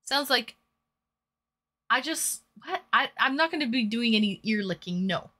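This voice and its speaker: A woman's voice: on the high side, lively intonation, unhurried, sharp tone. A woman hosting a live stream in casual chat, reading viewers' messages aloud and answering them.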